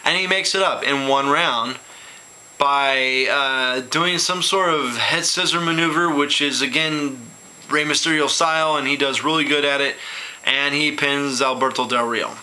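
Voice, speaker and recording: Bright, opinionated young-sounding man reviewer. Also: mid-range voice, measured pace, low-quality recording. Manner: opinionated, sarcastic asides. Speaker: wrestling show reviewer. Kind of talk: casual spoken review.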